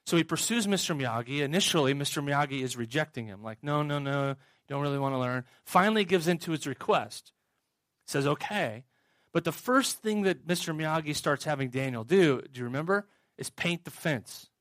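A man's voice: a little high, expressive, fairly quick, fairly bright tone, dry recording. A man preaching a sermon, retelling a story in a storytelling way and putting questions to the audience. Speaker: pastor.

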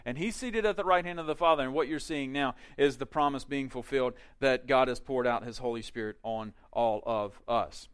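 A male pastor preaching a sermon in a conversational way, with quick asides and emphatic peaks. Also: mid-range voice, a bit bright, clear, resonant tone.

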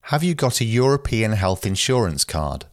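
A man reading short phrases aloud for language learners, slow and careful, one at a time. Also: lowish voice, big pitch swings, dry recording, clean studio sound. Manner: slow, careful, evenly paced phrase delivery. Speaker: phrasebook reader.

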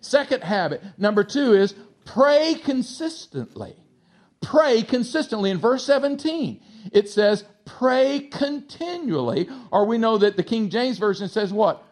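A male pastor with a slight Texas twang preaching a sermon, swinging between loud exhortation and soft asides to the congregation. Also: sits high, lively intonation, a little slow.

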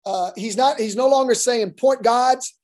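Male basketball coach, warm mellow tone, folksy storyteller who rambles and restarts his sentences. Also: very high voice, a little slow. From Oklahoma. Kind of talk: casual interview storytelling.

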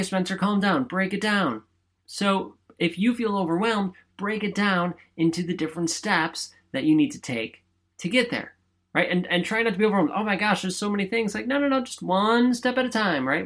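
Alone at a studio mic, a man hosts his podcast with an upbeat, motivational pep talk. His pitch sits fairly high and his tone is a bit bright, and his chatty, emphatic delivery is peppered with the question "right?"

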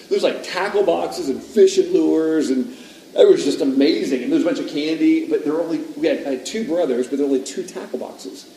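A man who is a father, telling a childhood story in a casual, animated way on a podcast, often laughing. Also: on the high side, fast. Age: adult father. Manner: animated, laughing, rises to loud retellings. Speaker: podcast speaker. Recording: roomy, distant mic with faint background noise.

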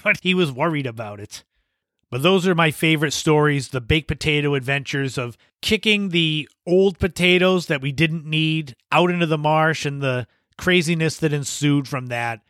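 A man's voice: a little high, moderate pace, fairly bright tone, no echo, clean studio sound. A man hosting a podcast, telling casual anecdotes and laughing as he goes. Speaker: podcast host. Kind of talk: casual storytelling monologue.

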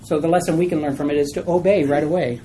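A woman teaching a small Bible study group in a chatty, animated way, asking questions of the class. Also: low-pitched, fast, a little hiss or hum, low-quality recording.

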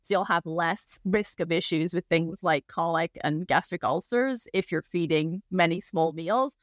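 A woman's voice: lowish voice, measured pace, dry recording, studio quality. A woman with an accent, a guest expert on a podcast, explaining horse feeding in a conversational way with plenty of "you know"s. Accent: non-local accent. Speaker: equine nutrition guest expert.

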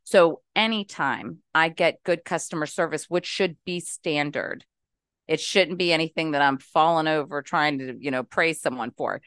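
A woman's voice: deep voice, moderate pace, fairly bright tone, clean tone, dry recording, clean studio sound. A middle-aged woman from West Virginia calling into a talk show, venting animatedly and with exasperation. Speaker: caller. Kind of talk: casual talk-show call-in.

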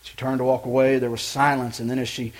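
A male pastor preaching a sermon with passion, swinging from loud emphatic lines to quiet hushed ones. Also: mid-range voice, little pitch movement, quick pace. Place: church.

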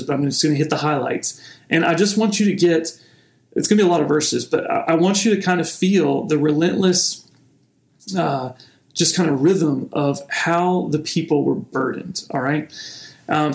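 A man's voice: on the high side, echoey room. A man preaching a sermon in a conversational teaching manner, often restarting his phrases. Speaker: pastor.

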